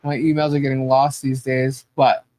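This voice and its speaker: A woman's voice: extremely low pitch, little pitch movement, normal speed, warm tone, no echo. Chatty woman co-hosting a podcast, rambling while she looks for a clip, dry close sound. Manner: chatty, scattered, laughing. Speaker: podcast co-host. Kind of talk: casual chat.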